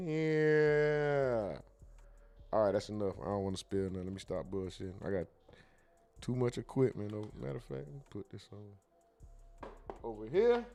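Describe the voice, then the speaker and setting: A man's voice: mid-range voice, warm tone. A man hosting a casual livestream who reads chat comments aloud, jokes, curses freely, and slips into mimicry. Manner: profane, joking, mimics others. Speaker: livestream host.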